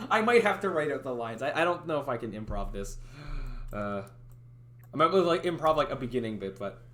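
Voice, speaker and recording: A young man talks loosely to his livestream viewers from a desk mic and trails off mid-thought. His pitch jumps around lively, and his voice has a bright, forward edge. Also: brisk, a little hiss or hum. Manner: rambling, hesitant, full of fillers and restarts. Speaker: streamer. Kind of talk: casual livestream chat. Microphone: headphones with a desk mic.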